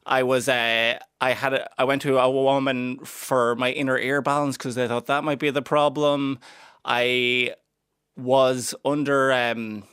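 A man's voice: mid-range voice, level tone, unhurried, a bit bright, clear, resonant tone, dry recording. A young Irish man from Cavan with a stammer, talking in a radio interview with dry, self-mocking humour. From Ireland (Cavan). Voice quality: stammer with repeated sounds. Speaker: stand-up comedian, guest.

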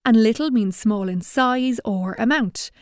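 A woman presenting a children's educational radio segment, animated and encouraging in her teacher-like tone. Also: on the high side, measured pace, dry recording, studio quality.

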